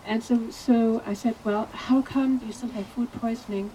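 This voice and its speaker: A woman speaking at a memorial about a friend and tenant, halting and hesitant with fillers. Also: a little high, fairly even intonation, warm tone, a little hiss or hum, poor audio. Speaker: friend giving a eulogy. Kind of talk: memorial speech.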